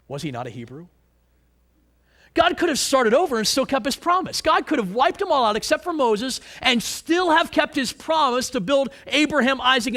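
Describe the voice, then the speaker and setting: Animated man preaching a sermon. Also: fairly high pitch. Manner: animated, asks rhetorical questions, repeats words.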